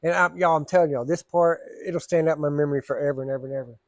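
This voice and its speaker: Man, casual storyteller, higher pitch, dry close sound. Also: racing, dry recording. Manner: rambling, drawling Southern storyteller, acts out voices. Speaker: storyteller vlogger.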